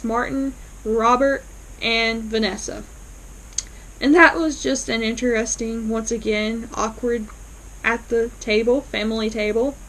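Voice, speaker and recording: A woman's voice: fairly high pitch, a bit bright, rough recording. A woman vlogger casually recapping a TV episode, retelling scenes in a chatty way with fillers.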